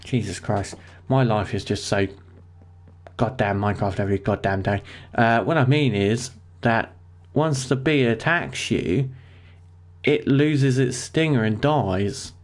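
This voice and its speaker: A bit slow and lowish in pitch, a male streamer chats his way through a survival game. He's easily excited, swearing and panicking out loud when things go badly.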